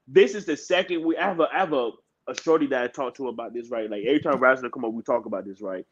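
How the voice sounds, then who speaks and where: A man co-hosting a wrestling podcast, ranting in a casual, profane way that climbs higher when he gets heated. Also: dull audio. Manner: animated, profane, rants and rises in pitch when heated. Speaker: podcast co-host.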